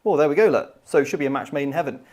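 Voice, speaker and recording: A man's voice: a little high, darkish tone. Upbeat chatty male host. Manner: upbeat, chatty, quick banter. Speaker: host and player. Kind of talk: casual livestream chat.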